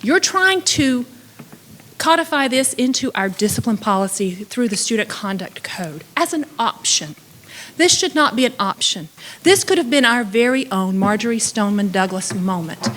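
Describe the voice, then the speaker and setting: A woman's voice: a little high, expressive, normal speed, a bit bright. A woman speaking earnestly during public comment at a school board meeting, reading messages aloud.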